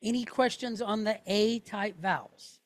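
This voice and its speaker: Middle-aged woman as a patient classroom teacher, close dry sound, mid pitch, keeps checking the class understands. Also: measured pace, no room sound. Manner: patient, checks in with "okay?" after each point. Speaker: Hebrew teacher. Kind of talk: classroom lesson.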